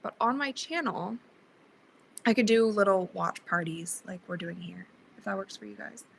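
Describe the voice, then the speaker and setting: With a gravelly, mid-range voice at normal speed, this young livestream host chats with her viewers, reads out their comments and laughs a lot, though she's a bit sleepy and yawning. The recording is rough, with slight background noise.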